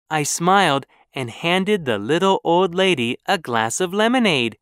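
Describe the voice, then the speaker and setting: A storybook narrator reading for learners, clear and measured, with a slow, unhurried pace. The intonation rises and falls in a lively way, and the sound is close and dry. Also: mid-range voice, dry recording.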